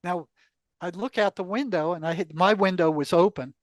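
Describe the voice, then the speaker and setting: An older man with a notably high-pitched voice spins a long personal story, acting out the back-and-forth of what was said and breaking into laughs along the way. The sound is dry and close, with no room around it. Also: moderate pace, no room sound. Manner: animated storyteller, acts out quoted exchanges, laughs often. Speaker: guest telling a story. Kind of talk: casual storytelling interview.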